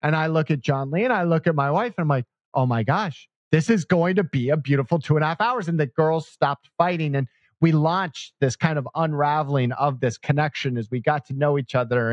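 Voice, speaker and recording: A man, a guest on an interview podcast, telling a personal story in an animated, emphatic way. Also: fairly high pitch, no echo, dull audio.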